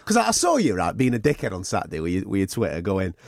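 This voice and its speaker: A man co-hosting a podcast in a studio, sweary and excitable, laughing often. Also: low-pitched, fast talker, vocal fry, no echo. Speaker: podcast co-host. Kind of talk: casual sports chat.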